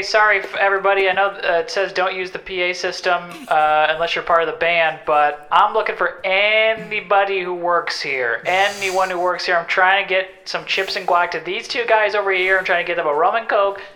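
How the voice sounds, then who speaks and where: A woman's voice: fairly low pitch, normal speed, bright, forceful tone, poor audio. A woman doing an improvised comedy scene, making a harried, apologetic announcement.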